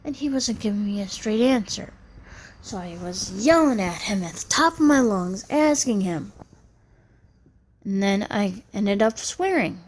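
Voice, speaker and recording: Woman, 30s, slow pace, rambling, aggrieved, personal venting vlog. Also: mid-range voice, lively intonation. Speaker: vlogger.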